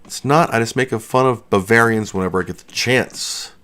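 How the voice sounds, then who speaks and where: A man's voice: mid-range voice, fairly quick, fairly bright tone, a little hiss or hum. A man hosting a casual livestream from his basement studio, rambling and joking as he answers chat questions. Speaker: livestream host.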